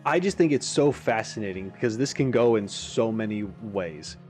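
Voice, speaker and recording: A man hosting a game reaction video, talking in an animated, musing way with frequent asides. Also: on the low side, moderate pace, faint music behind. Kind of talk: casual commentary.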